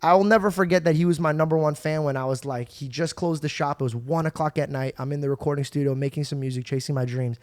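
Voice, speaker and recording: Animated young man telling stories. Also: a little high, quick pace, hardly any pauses, no echo. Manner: animated, swearing, acts out his father's lines. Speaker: podcast host telling stories. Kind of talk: casual storytelling chat.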